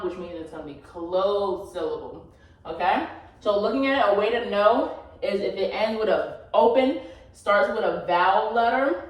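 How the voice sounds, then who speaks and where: A woman teaching a phonics lesson to a class, patient and checking in often with the students. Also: medium pitch. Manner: patient, checks in often with okay and all right. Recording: echoey room, from far off.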